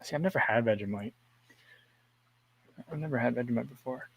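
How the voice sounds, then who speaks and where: A man's voice: medium pitch, fairly quick, creaky. A man hosting a casual livestream, rambling, chuckling often and reading viewer comments aloud. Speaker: livestream host.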